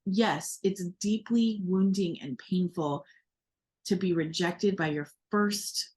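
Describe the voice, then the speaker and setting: Slow and lowish, with a darkish tone, this American woman co-hosts a podcast in casual conversation. She talks earnestly and reflectively, with lots of fillers and restarts.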